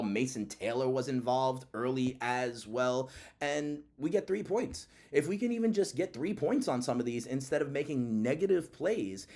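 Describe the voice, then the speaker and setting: A man hosting a sports channel, giving casual commentary in an emphatic, repetitive way. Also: mid-range voice.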